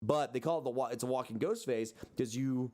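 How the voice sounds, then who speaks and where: A man's voice: mid-range voice, brisk, a little mellow. A young man in casual podcast chat, rambling through a story with lots of fillers and swearing. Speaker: podcast co-host.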